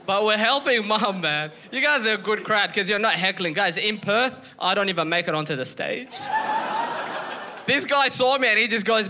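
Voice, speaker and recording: A man's voice: sits high, animated, moderate pace, background noise. A man from Ethiopia doing a stand-up comedy set on a club stage, telling punchy stories and acting out his mother's lines.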